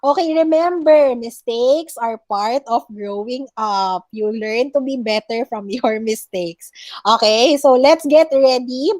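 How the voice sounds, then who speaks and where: A high-voiced woman with a Filipino accent teaches over a video call. She is patient and goes through pronunciation one word at a time. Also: measured pace, a little mellow. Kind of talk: online class lesson.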